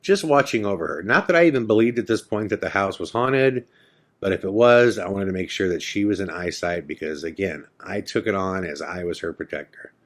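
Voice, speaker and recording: A man's voice: low voice, a little fast. A man hosting a podcast, telling a personal ghost story casually and acting out the dialogue. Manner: casual storytelling, acts out quoted dialogue, frequent "I'm like". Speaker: podcast host.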